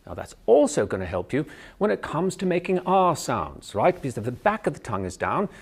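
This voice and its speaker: A man with a Canadian accent, a drama professor explaining speech technique in a clear, patient teaching manner. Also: fairly high pitch, sing-song, brisk. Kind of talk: instructional video lesson.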